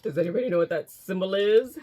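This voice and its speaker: Middle-aged woman, casual vlogger, excitable and chatty, laughs often, loose restarting sentences. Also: mid-range voice, fast, slight background noise. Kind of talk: casual chat. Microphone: camera in front, steps back and forth.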